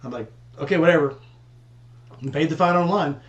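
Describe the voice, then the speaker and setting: A man's voice: on the high side, brisk, reverberant, lo-fi sound. A man telling profane, laid-back road stories in casual chat with friends. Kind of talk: casual storytelling among friends.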